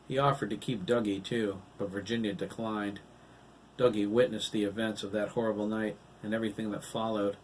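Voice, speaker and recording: Low-voiced man narrating an audiobook. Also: far from the mic, a little hiss or hum, poor audio. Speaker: author and narrator.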